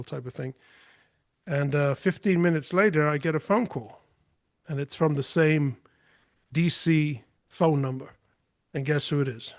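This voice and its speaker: A man's voice: fairly high pitch, normal speed, dry recording. A man talking as a podcast guest, telling a story in a forthright, emphatic way. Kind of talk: casual storytelling.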